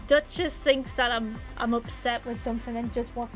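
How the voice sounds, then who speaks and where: A woman's voice: a little high, level tone, normal speed, faint music behind. A woman livestreamer chatting casually, rambling and swearing, with lots of fillers. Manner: rambling and profane, with many fillers. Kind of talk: casual stream chat.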